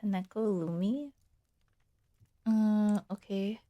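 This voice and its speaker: A woman streaming from a quiet room at home, rambling and testing her own whisper out loud on a desk mic. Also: medium pitch, steady tone, slow, dry recording, lo-fi sound.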